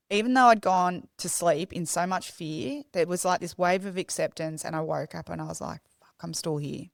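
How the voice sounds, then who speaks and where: A woman's voice: deep voice, gravelly, no echo, studio quality. A young woman, a podcast guest, telling her story in a raw, confessional way with many restarts. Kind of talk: candid personal storytelling.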